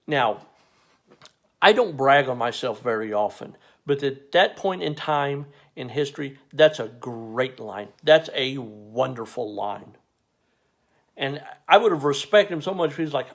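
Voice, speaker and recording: Gravelly man telling a comic story. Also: medium pitch, lively intonation, normal speed. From Missouri. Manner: dry, exasperated, bursts into incredulous rants. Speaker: stand-up comedian. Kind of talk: comedic storytelling monologue.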